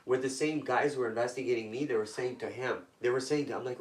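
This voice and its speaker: A man's voice: mid-range voice, fast talker, far from the mic. A man from Toronto telling intense personal stories as a guest, in blunt, profane street talk. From Toronto, Canada. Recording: echoey room, voice off-mic.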